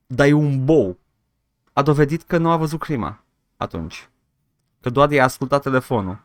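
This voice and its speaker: A man's voice: medium pitch, dry recording, clean studio sound. A man with a Romanian accent giving wry, mocking live-stream commentary while playing a game at a desk microphone. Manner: wry, mocking, switching languages.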